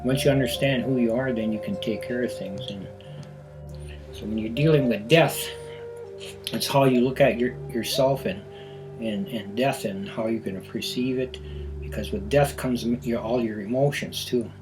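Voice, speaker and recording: A man being interviewed, telling personal stories in an unhurried, thoughtful way and often repeating himself. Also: mid-range voice, low-quality recording. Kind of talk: reflective personal storytelling. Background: guitar music clearly heard.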